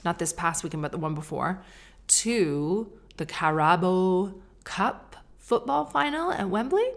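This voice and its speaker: A middle-aged woman hosting a podcast, rambling through a self-deprecating, stream-of-consciousness monologue with casual swearing. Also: fairly low pitch. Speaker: podcast host.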